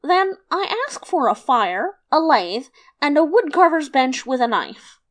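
A naive, fearless young boy from a storybook tale, high and earnest, as a woman reads him aloud. His voice rises and lilts with each plea, plaintive and bright. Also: very animated, measured pace.

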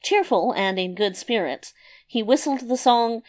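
Woman reading a fairy tale aloud. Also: mid-range voice. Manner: measured, expressive read-aloud delivery. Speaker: narrator.

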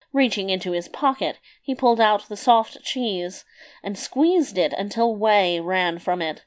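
Female narrator for a fairy tale, measured and expressive, mid-pitched. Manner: measured, expressive read-aloud delivery.

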